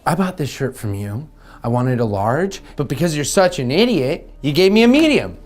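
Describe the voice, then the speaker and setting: A man playing an arrogant, creepy lawyer who mocks a shop clerk, in a gravelly, self-important voice. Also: fairly high pitch, big pitch swings, moderate pace, darkish tone, faint music behind. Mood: sneering.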